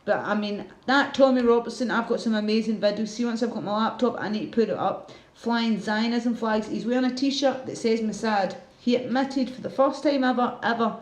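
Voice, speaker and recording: A woman's voice: fairly high pitch, moderate pace, darkish tone, roomy sound. A woman hosting a casual livestream, ranting heatedly with a lot of swearing and reading out viewer comments. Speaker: livestream host.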